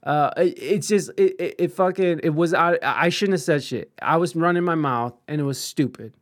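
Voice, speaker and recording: A man's voice: on the high side, moderate pace. A young man in casual chat, telling a story with lots of swearing, restarts and self-deprecating humor.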